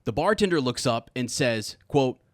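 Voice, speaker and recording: A man's voice: mid-range voice, lively intonation, moderate pace, a bit bright, no echo, clean studio sound. A man co-hosting a casual podcast chat, reading jokes aloud, laughing often and stumbling over words. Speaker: podcast co-host.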